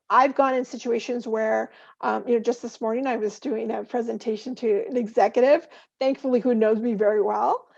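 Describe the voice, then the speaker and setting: A woman panelist giving job-interview advice on a webinar, talking quickly and emphatically in a chatty way. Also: fairly high pitch, fairly even intonation, creaky, a little mellow, lo-fi sound.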